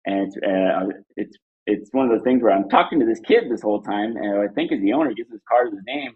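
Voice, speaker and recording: A man from Southern California telling an animated story as a guest in a casual interview, full of fillers and restarts. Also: lowish voice, a little fast, breathy edge. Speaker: guest, trucking business owner. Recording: phone-like narrow band line.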